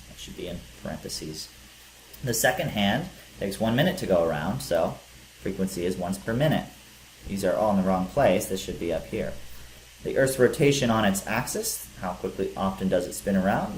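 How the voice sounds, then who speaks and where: A man's voice: sits low, darkish tone. A male teacher giving a physics lecture, explaining step by step with some fillers. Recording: echoey room with faint hiss.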